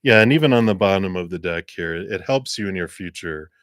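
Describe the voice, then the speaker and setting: A man with a very deep voice gives tarot readings on a live stream. He speaks gently and encouragingly, drifting through fillers and restarts. The sound is dry and close, with no room around it. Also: animated, brisk, no room sound. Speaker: tarot reader.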